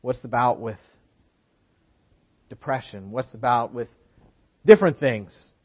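A man preaching a sermon in an earnest way, often doubling back on his words to press a point. His voice is husky, and it comes through a dull, lo-fi recording. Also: mid-range voice, measured pace. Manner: earnest, repeats words for emphasis.

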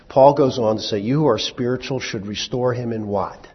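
A man's voice: mid-range voice, normal speed, hardly any pauses, breathy edge. A man preaching a sermon in a conversational way, asking his listeners questions and then answering them himself. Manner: conversational, with small restarts. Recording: dull, lo-fi hall recording.

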